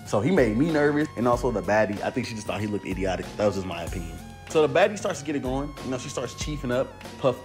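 A young man telling a story in a casual, slangy, animated way, acting out the voices himself. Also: mid-range voice. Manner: animated, slangy, acts out every voice. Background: music.

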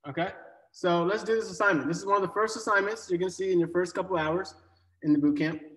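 A male coding bootcamp instructor with a fairly high voice leads a live online class in a loose, joking manner, full of fillers and restarts. His voice rings in an echoey room with a long reverb. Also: fairly even intonation, fast, fairly bright tone.

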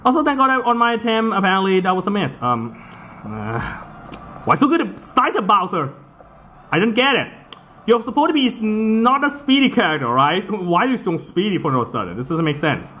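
Excitable man groaning through a match. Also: high voice, brisk, slight background noise. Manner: excitable, swears and groans at the game. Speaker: gameplay commentator. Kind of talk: casual let's-play commentary.

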